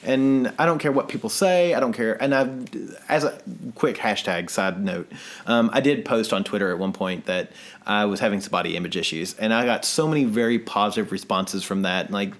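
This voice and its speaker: A man's voice: lowish voice, brisk. A man co-hosting a podcast from his living room, talking in a chatty, self-deprecating way and laughing often. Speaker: podcast co-host. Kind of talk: casual podcast chat.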